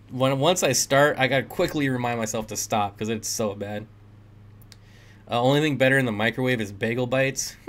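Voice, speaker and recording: On a desk mic, a man with a medium-pitched, somewhat bright voice runs a laid-back livestream. He reads viewers' chat comments out loud, jokes around with them, and laughs a lot.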